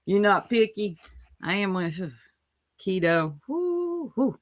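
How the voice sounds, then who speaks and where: A woman's voice: mid-range voice, very animated, slow, no room sound. A woman hosting a casual live-stream chat, chatty and drawling. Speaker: host.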